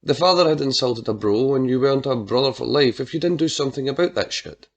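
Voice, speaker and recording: A man reading a dark crime story aloud as narrator, measured and dramatic. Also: mid-range voice, lively intonation. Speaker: audiobook narrator.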